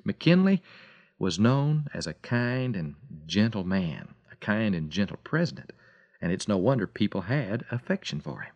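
Man, radio preacher, animated pitch, dramatic storytelling, slows for emphasis, dry studio sound. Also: no echo, highs cut off.

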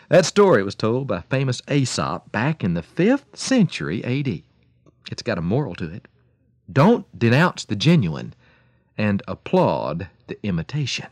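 A man hosting a radio devotional talk, telling a story and preaching in an animated, emphatic way. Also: on the low side, a little slow, no room sound. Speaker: radio program host and preacher.

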